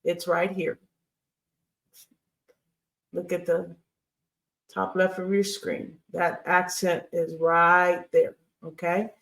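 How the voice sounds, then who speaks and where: A woman teaches a grammar lesson over slides at an unhurried pace. Her voice has a gravelly fry to it. She sounds set back from the microphone, and she patiently repeats herself with plenty of fillers. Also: lowish voice, flat delivery, fairly bright tone, far from the mic. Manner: patient, repeats key points, many fillers and checks like "okay?". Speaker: Hebrew teacher. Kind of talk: recorded video lecture over slides.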